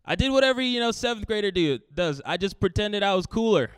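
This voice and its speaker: Man, high voice, smooth, stand-up storytelling, animated acted-out quotes, dry close sound. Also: fast talker, dry recording. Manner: animated, acts out quotes with big swings in pitch and loudness. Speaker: stand-up comedian.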